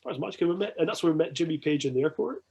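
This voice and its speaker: A Scottish man, a podcast guest, telling an anecdote in casual chat, excitable, swearing a lot and restarting his sentences. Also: on the high side, rapid-fire, creaky, background noise.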